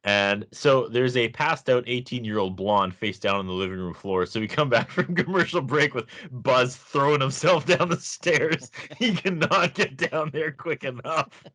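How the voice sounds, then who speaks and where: A man's voice: mid-range voice, normal speed, few pauses, a bit bright. A man co-hosting a casual review podcast, laughing often and making sarcastic asides. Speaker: podcast co-host.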